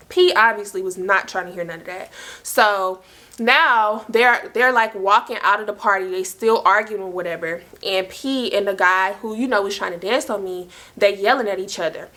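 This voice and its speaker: A young woman tells a story in a loose, chatty way, leaning on "like" and "y'all" as she goes. Her voice is bright and clear, and her pitch sits in the middle of the range. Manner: chatty, heavy use of "like" and "y'all", animated retelling. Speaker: storyteller host. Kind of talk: casual storytime vlog.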